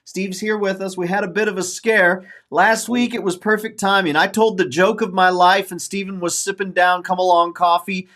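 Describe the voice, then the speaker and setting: A man in his forties with a high, somewhat bright voice hosts a casual podcast. Earnest and emotionally open, he rambles, circling back and repeating himself.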